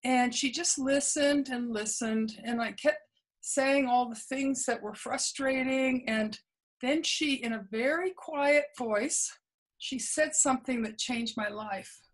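Slow-paced and high-voiced, this woman is heard through a rough recording. As an interview guest and memoir author, she recounts past experiences earnestly in conversational storytelling, performing the dialogue she quotes and making frequent small restarts.

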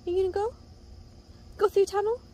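A woman's voice: very high-pitched, fairly even intonation, fairly quick, darkish tone. A woman casually coaching her pet fox through tricks, coaxing and laughing as she goes. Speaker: pet owner. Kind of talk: casual pet training commentary.

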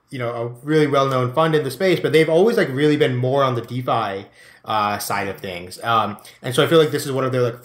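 A man asks long, wandering interview questions, padding them with "like" and "you know." His voice sits at a middle pitch and carries a noticeable room echo. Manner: rambling, filler-heavy questions. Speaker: podcast co-host. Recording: roomy echo.

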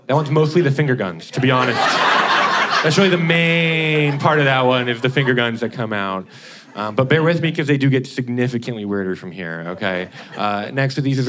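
A man's voice: medium pitch, moderate pace, a crowd in the background. A young man from Indiana performing a stand-up set, chatty and tagging his lines with "okay?". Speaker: stand-up comedian. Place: comedy club stage with a laughing audience.

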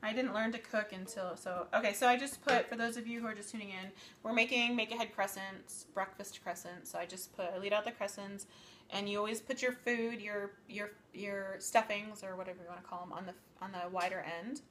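A woman's voice: medium pitch, fairly even intonation, fairly quick, a bit bright, slight background noise. A woman in her thirties hosting a live cooking demonstration from her home kitchen. She talks in a chatty, rambling way, often correcting herself mid-sentence, and her voice sounds slightly worn.

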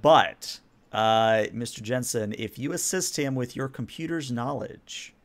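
A man's voice: mid-range voice, measured pace. A man narrating a tabletop role-playing game as game master, describing scenes and calling for rolls. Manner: descriptive, storyteller.

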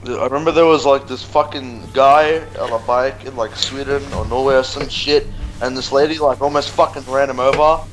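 A man's voice: mid-range voice, fairly even intonation, brisk, slight background noise, rough recording. A young man in crude, casual chat with friends, swearing constantly and stammering as he repeats words. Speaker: co-host.

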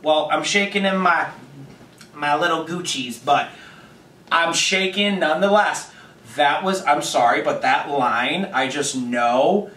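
A young man gushing through a reaction video, dramatic and full of excited asides. His voice sits a little high and has a bright, sharp edge. He is picked up from a distance in an echoey room, with faint hiss underneath. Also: measured pace.

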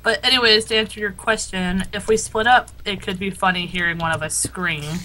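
A woman with a bright, mid-pitched voice, chatting casually as she plays a co-op game. She reacts aloud to what happens on screen in a jumpy, playful way. The talk is unscripted and loose. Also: fairly even intonation, fairly quick, slight background noise, rough recording. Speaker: co-op game partner. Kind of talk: casual gameplay chat.

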